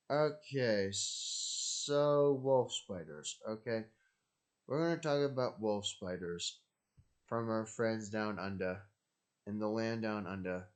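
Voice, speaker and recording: A man hosting his own channel, talking casually in a rambling, jokey way and repeating himself often. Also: mid-range voice. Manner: repetitive, jokey, digressive. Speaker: channel host. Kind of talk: casual rambling solo talk.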